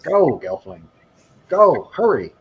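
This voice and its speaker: A man's voice: fairly high pitch, sing-song, takes it slowly, dull audio, slight background noise, voice pushed up, heavily acted. A man voicing a frail, bossy old female mystic who gasps and exaggerates every word. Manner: gasping, over-dramatic exclamations.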